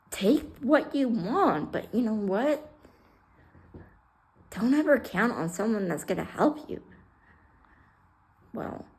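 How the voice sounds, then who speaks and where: A woman's voice: medium pitch, darkish tone. A woman, a retired fire rescue worker, telling her own story in a casual vlog, blunt and candid, swearing and mixing humor with raw emotion. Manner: retells scenes by acting out both sides of conversations.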